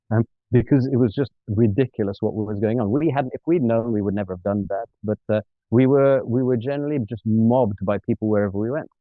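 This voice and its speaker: A man, an interview guest, telling a funny travel story in a lively, self-mocking way and acting out the dialogue. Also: medium pitch, no room sound. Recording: dry, tinny phone-like sound.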